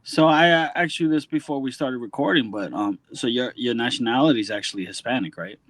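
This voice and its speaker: A man's voice: medium pitch, brisk, fairly bright tone, no echo. A man hosting a casual interview, asking questions and complimenting the guest in an eager, fan-like way. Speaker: podcast host.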